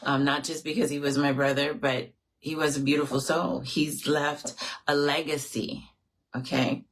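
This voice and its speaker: A woman's voice: deep voice, little pitch movement, moderate pace. A woman in her forties hosting an affirmations talk, earnest and reflective and close to tears as she grieves, often checking in with "right?". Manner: earnest, reflective, speaks to viewers directly, often adds "right?". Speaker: host of an affirmations show. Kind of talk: heartfelt off-the-cuff talk.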